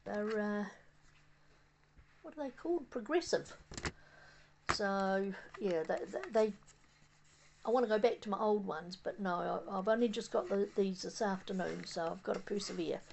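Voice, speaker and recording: A woman's voice: medium pitch, creaky, a little mellow, slight background noise. Rambling older New Zealand woman. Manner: rambling, halting, many fillers and restarts. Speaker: vlogger. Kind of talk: casual reminiscing monologue. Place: outdoors on a windy day.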